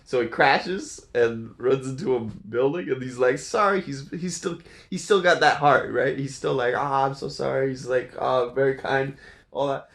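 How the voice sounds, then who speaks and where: A man's voice: mid-range voice, moderate pace, fairly bright tone, reverberant. A man giving a casual, laughing recap of a movie's plot, slipping into goofy voices for the characters.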